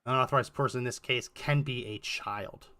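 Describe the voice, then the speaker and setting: A man's voice: medium pitch, a little fast, sharp tone. A man co-hosting a political podcast, reading messages and legal text aloud and adding sardonic comments. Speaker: podcast co-host.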